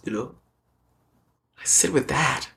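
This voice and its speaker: A man giving a spiritual lecture in an animated storytelling way, sometimes dropping to a soft near-whisper. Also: medium pitch, slow, gravelly. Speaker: spiritual teacher.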